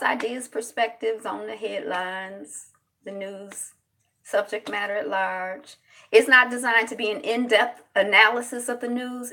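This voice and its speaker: A woman hosting a casual live news commentary, chatting with viewers and greeting them by name, sometimes breaking into loud exclamations. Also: medium pitch. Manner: chatty, greets viewers in the chat, quick laughs. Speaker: host of a news commentary channel.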